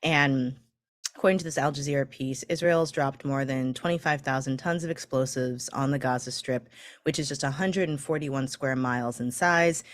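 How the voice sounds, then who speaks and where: A woman co-hosting a casual livestream, chatty and quick to laugh. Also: rumbling low. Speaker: co-host.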